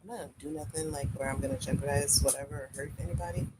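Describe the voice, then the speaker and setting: A woman's voice: low-pitched, fairly even intonation, rapid-fire. A woman chatting candidly and freely on a casual live stream at home while she paints. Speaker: livestreamer. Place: indoors at home. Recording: loud background noise.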